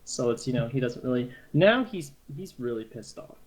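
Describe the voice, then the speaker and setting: A man's voice: medium pitch, big pitch swings, moderate pace, rough recording. Playful man with a Southern accent. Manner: playful, laughing. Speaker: player. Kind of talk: casual voice chat.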